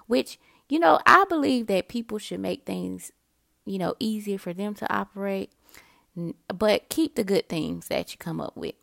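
Gravelly, chatty woman saying y'all. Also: medium pitch, animated, moderate pace, fairly bright tone, dry recording, studio quality. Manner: chatty, addresses listeners as y'all. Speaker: podcast host. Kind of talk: casual motivational monologue. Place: indoors, early morning.

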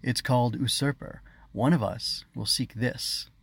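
A man's voice: mid-range voice, unhurried, gravelly, slightly rough. A man playing a smug, scheming stranger knight.

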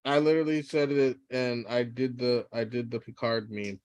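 A man co-hosting a podcast in casual chat, excitable and joking. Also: medium pitch, moderate pace, clean tone, no room sound. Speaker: podcast co-host.

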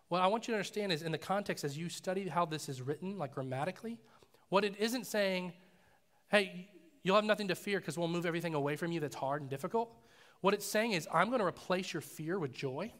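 Man, pastor, casual sermon, storytelling, fairly high voice, long hall reverb. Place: church sanctuary.

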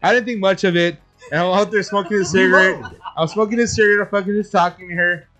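A man's voice: high voice, fairly even intonation, fast talker, bright, forceful tone, faint music behind. A man co-hosting a podcast, telling stories in casual chat, profane and laughing, with lots of fillers and restarts. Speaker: podcast co-host.

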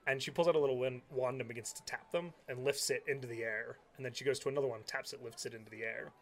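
A man's voice: mid-range voice, steady tone, fast talker. A man narrating a tabletop game as game master, describing scenes with many fillers.

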